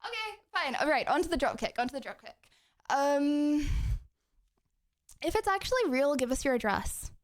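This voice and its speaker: A young woman streamer with a bright, high voice talks to her chat from her home kitchen. She is bubbly and jokey, and her words come out breathless as she moves about on her feet. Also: normal speed. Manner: bubbly, excitable, joking with chat. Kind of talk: casual live-stream chat. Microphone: streaming mic, wearing headphones.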